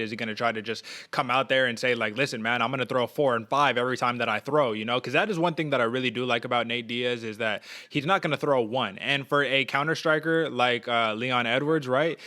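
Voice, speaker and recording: Fast-talking man on a fight podcast. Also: medium pitch. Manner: fast, animated, asks questions, acts out quotes. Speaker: podcast co-host. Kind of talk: casual sports podcast chat.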